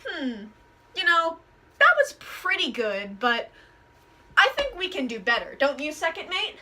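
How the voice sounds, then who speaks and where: A woman's voice: sits high, sing-song, a little slow, sharp tone. A woman hosting a pirate-themed children's event, leading scripted call-and-response in an exaggerated, upbeat, instructive way.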